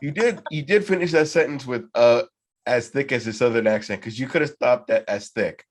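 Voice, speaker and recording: A man with a medium-pitched voice talks fairly quickly as he hosts a casual podcast trivia night with a group. He rambles and swears freely, keeping things loose and profane.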